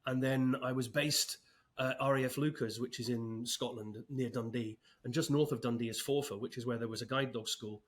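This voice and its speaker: A man in his fifties speaks as a podcast guest in relaxed, conversational talk. He is chatty and easygoing, with a self-deprecating, lightly humorous touch. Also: mid-range voice, moderate pace. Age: 50s. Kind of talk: casual interview talk.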